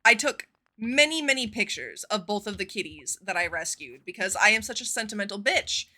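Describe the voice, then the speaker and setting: A woman streamer chatting casually with her viewers, telling stories in an expressive, profane way. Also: mid-range voice, a little fast. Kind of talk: casual live-stream chat.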